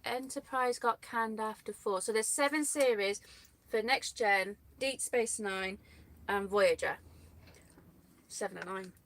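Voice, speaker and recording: A woman's voice: mid-range voice, measured pace, a bit bright, no room sound. A woman co-hosting a casual live chat from England, laughing often and reading out viewers' comments.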